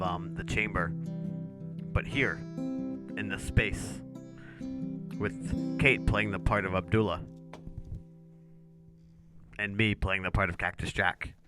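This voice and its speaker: A man co-hosting a live stream, bantering casually and making teasing, joking requests. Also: fairly low pitch. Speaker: co-host, streamer's husband.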